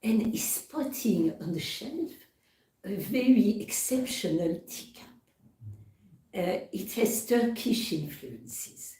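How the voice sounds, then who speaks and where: Woman temple speaker, slow storytelling, recorded far off in a roomy hall. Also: mid-range voice, animated, dark tone. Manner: slow, halting, repeats words while telling a parable. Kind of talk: devotional storytelling lecture. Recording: echoey hall, far from mic.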